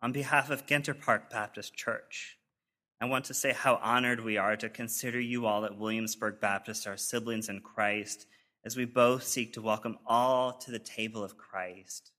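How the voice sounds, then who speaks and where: A male pastor giving a sermon, reading letters of support aloud in an earnest, measured way. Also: medium pitch, fairly even intonation, pushed and bright. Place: church sanctuary.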